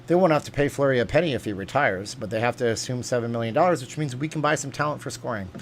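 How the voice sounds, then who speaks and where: A man's voice: medium pitch, fast, slight background noise. A man hosting a casual livestream, reading viewer comments aloud and rambling from topic to topic with lots of fillers. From USA. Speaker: livestream host reading chat.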